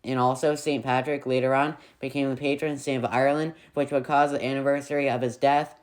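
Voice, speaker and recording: A man's voice: mid-range voice, little pitch movement, fairly quick. A man narrating a history video in a scripted way, with playful, sarcastic asides.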